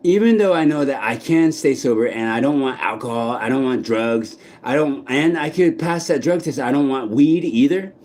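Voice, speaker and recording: A man vlogging outdoors in a park, speaking in a blunt, halting monologue full of restarts and swearing. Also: medium pitch, a little mellow. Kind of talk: candid personal monologue.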